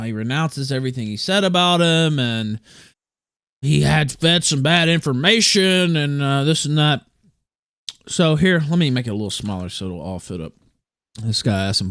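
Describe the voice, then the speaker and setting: A man's voice: on the high side, a bit bright, dry recording, studio quality. A man hosting a livestream, talking casually, reading chat messages aloud and often breaking into chuckles. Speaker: livestream host.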